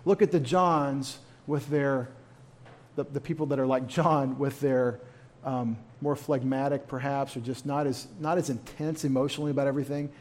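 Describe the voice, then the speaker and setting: A man's voice: medium pitch, steady tone, normal speed, a little mellow. Folksy man teaching a Bible study. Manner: folksy, conversational, with humorous asides.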